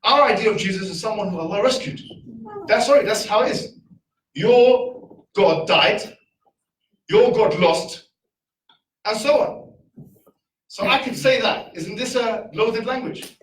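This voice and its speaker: A man giving a casual, argumentative talk to a live audience, full of rhetorical questions and quick asides. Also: high voice, fairly bright tone, roomy sound, recorded from a distance, a little hiss or hum, poor audio. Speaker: speaker.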